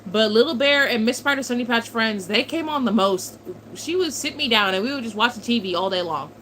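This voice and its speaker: A young woman in her twenties, with a slightly high voice, chats loosely with her livestream audience. She swears freely and drifts into fond memories. A faint background hiss sits under her voice. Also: lively intonation, brisk, a bit bright, rough recording. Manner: chatty, swears freely, nostalgic. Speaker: streamer reading chat. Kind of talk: casual livestream chat.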